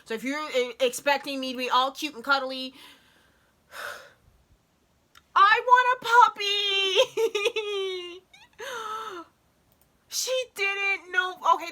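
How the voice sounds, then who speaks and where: Reacting to a show, this woman's high-pitched voice is full of excited gushing. Her commentary is casual, peppered with swearing and sentences she abandons partway through.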